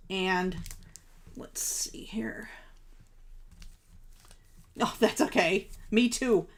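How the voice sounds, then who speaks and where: A woman hosting a live crafting stream, chatting casually with viewers, gushing over supplies and laughing at herself. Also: medium pitch. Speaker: craft livestream host.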